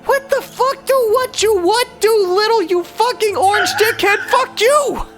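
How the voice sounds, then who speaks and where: A man putting on a shrill, screechy voice for an enraged, swearing cartoon hedgehog. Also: unhurried, soft background music. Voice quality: screechy, high-pitched. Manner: swearing in a frenzied shout.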